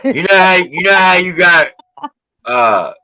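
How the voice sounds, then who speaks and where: A man's voice: sits high, a little slow, rough recording. A man co-hosting a casual chat, telling stories with energy and mimicking friends. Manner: animated storyteller, mimics friends' voices. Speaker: co-host.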